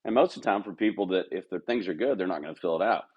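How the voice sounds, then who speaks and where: A man's voice: sits low, racing, husky, lo-fi sound. A middle-aged man talking candidly as a podcast guest, telling workplace stories and mimicking other people's voices. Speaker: golf club manager, podcast guest. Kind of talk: casual interview chat.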